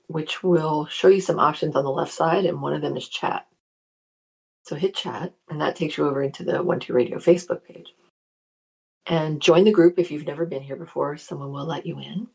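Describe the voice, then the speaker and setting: Gravelly low-voiced woman hosting a live show. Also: darkish tone. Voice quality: gravelly morning voice. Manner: chatty, greets listeners by name. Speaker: radio show host and spiritual psychology practitioner. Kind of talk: casual live-show chat reading listener comments.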